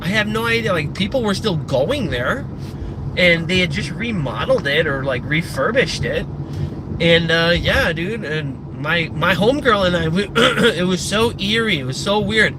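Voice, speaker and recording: A man's voice: sits high, expressive, moderate pace. A young man chatting casually on a live stream, rambling and swearing with lots of fillers, a bit out of breath. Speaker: livestreamer. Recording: outdoor street noise behind.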